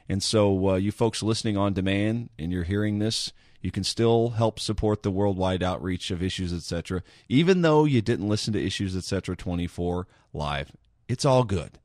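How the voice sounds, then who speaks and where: Lowish voiced radio host guy reading emails and plugging donations, dry close sound. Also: dry recording. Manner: teasing banter, then steady reading and pitching. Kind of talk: talk radio, reading listener email and fundraising.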